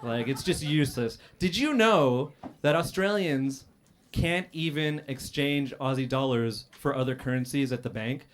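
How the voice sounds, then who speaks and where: Man doing a stand-up roast. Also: medium pitch. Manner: deadpan, dry delivery with many "uh" pauses and loud outbursts. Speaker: stand-up comedian in a roast battle. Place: comedy club stage.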